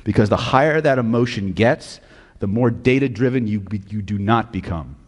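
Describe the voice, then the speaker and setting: A man's voice: fairly low pitch, moderate pace, breathy edge, long reverb tail. A man teaching hypnosis at a live seminar, blunt and profane, often quizzing the audience. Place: lecture hall with audience.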